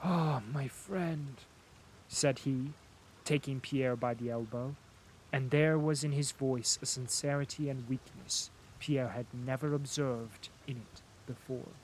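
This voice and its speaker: A man narrating a classic novel as an audiobook in a measured, even reading. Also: mid-range voice, slight background noise, poor audio.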